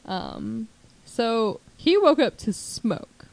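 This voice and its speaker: A woman casually telling a true crime story as a podcast host, chatty and animated, with lots of "like" and quick put-on voices for quotes. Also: on the high side, gravelly, no room sound, rough recording.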